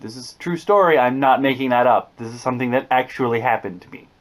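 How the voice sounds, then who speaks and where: Young adult male vlogger, mid pitch, animated storyteller who trips over his words. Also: quick pace. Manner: animated, jokey, with repeated restarts. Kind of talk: casual storytelling monologue.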